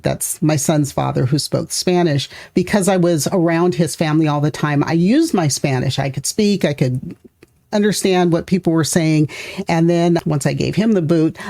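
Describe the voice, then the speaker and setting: A woman's voice: sits low, normal speed, creaky, dark tone. A middle-aged woman hosting a podcast interview, talking reflectively and thinking aloud in a casual way. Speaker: podcast host.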